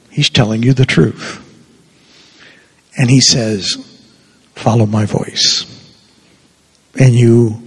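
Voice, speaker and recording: A male preacher with a gravelly, very husky voice gives a slow sermon. He speaks earnestly, often sinking to a hushed tone. The sound rings with the long reverb of a large hall. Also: medium pitch. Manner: slow, earnest, drops to a soft hush for quoted words.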